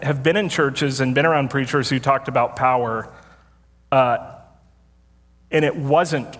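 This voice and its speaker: The sermon comes from a male pastor with a medium-pitched, fairly bright voice, who tells a casual, self-deprecating story and laughs frequently. He speaks to a congregation in a church sanctuary, and the recording carries a long hall reverb.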